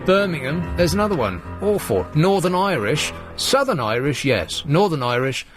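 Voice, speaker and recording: A man hosting late-night talk radio in a dry, sardonic, mock-outraged manner. His voice sits a little high for a man and is close on a studio mic. Faint music plays underneath. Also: big pitch swings, moderate pace. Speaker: radio phone-in host. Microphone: studio microphone.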